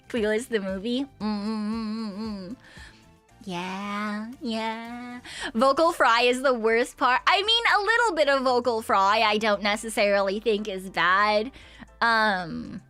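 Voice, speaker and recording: A young woman streamer chatting casually with viewers, giggly and sweary, with a slight vocal fry and bits of singing. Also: a little high, takes it slowly, pushed and bright, soft background music. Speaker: VTuber streamer.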